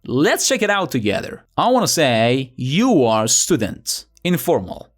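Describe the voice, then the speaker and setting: A man's voice: medium pitch, very animated, unhurried, soft background music. A young man teaching a language lesson in a playful, chatty way, asking rhetorical questions. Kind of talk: scripted lesson narration.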